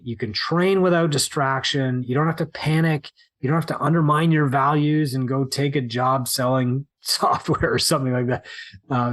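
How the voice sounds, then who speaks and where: A man hosting a business podcast, talking animatedly and acting out worried inner monologues. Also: on the high side. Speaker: podcast host and gym business coach. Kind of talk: solo business podcast talk.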